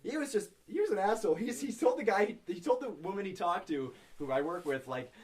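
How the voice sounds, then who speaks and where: A man's voice: high-pitched, brisk, recorded from a distance. A young man co-hosting a podcast, telling stories in casual chat and acting out the people in them. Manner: animated, acts out people in his stories. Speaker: podcast co-host.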